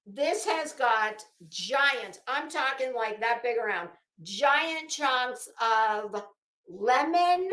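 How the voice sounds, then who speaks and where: High-pitched woman, slow rambling chat, echoey room. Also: pushed and bright. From Florida. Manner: rambling, self-interrupting, effusive. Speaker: commentary channel host. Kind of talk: casual chat with live viewers.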